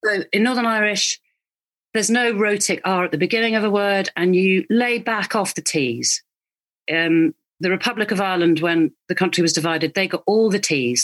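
A woman, a voice coach, explaining accents in a clear, instructive way. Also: fairly low pitch, a bit bright.

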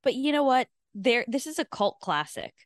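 A woman co-hosting a podcast in casual chat, animated, with quick reactions and laughter. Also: sits high, no echo, studio quality. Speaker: podcast co-host.

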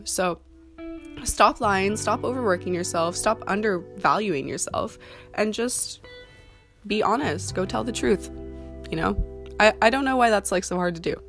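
A young woman talks casually about modeling work, rambling and chatty with plenty of ums and likes. Her voice sits low with a gravelly rasp. Soft guitar music plays faintly underneath. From Canada. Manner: chatty, full of fillers like "um" and "like". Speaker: model giving career advice. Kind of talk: casual talking-to-camera advice.

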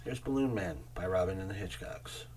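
A man's voice: sits low, brisk, darkish tone, a little hiss or hum. A man in his forties hosting a music show, chatting casually and meandering between thoughts, with casual swearing. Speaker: show host presenting music tracks. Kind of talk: casual rambling music talk.

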